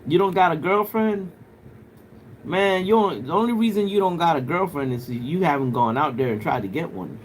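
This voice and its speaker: A man's voice: fairly high pitch, normal speed, slight background noise. A man on a live stream, rambling loosely to his viewers with plenty of filler and swearing. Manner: rambling, talks straight to viewers in chat; loose and profane, lots of filler. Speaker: livestreamer. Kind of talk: casual livestream chat.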